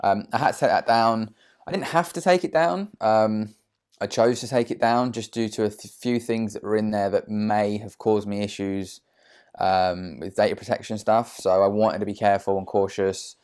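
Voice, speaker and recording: Low-voiced chatty man. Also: flat delivery, normal speed, darkish tone, clear, resonant tone. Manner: chatty and blunt, with slang and frequent fillers. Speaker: trader vlogger. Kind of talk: casual motivational talk to camera. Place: sofa at home.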